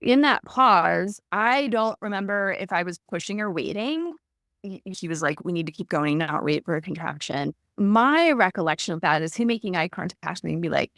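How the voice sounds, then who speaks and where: A woman's voice: medium pitch, moderate pace. A woman in her thirties tells her story with animation, slipping into quoted voices as she goes. Her voice sits in the middle of the range for a woman. The sound is dry and close, with little room echo. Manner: animated, acts out quoted dialogue. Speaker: guest recounting her birth. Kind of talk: conversational storytelling.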